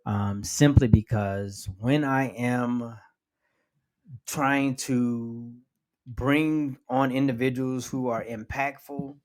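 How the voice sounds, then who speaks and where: A man hosting a podcast, who talks slowly and haltingly, repeating words as he works through his thoughts. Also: mid-range voice, fairly even intonation, a little mellow. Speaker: podcast host. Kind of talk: casual podcast conversation.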